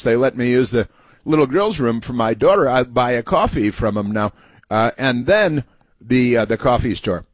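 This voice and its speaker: A man's voice: mid-range voice, no echo. A man hosting a political commentary monologue in a sarcastic, mocking manner.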